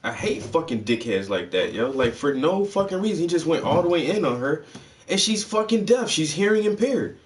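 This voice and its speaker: A man's voice: fairly high pitch, big pitch swings, fairly quick, recorded from a distance, a little hiss or hum. A man giving casual commentary as a vlogger, heated, slangy and full of profanity.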